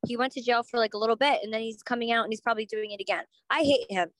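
A woman's voice: fairly high pitch, racing, a bit bright, dry recording, low-quality recording. A woman co-hosting a casual gossip podcast, blunt and opinionated, swearing casually. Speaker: podcast co-host.

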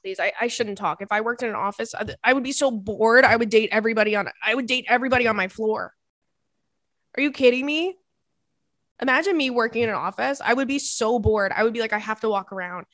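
A woman's voice: on the high side, fast, fairly bright tone, no echo, clean studio sound. A woman in her thirties hosting a podcast, reading listener emails in a casual chat full of laughing tangents and swearing.

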